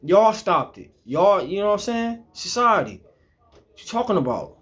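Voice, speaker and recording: A man's voice: high voice, big pitch swings, normal speed, a bit bright. A man delivering a profane, confrontational monologue that keeps repeating the same challenging question.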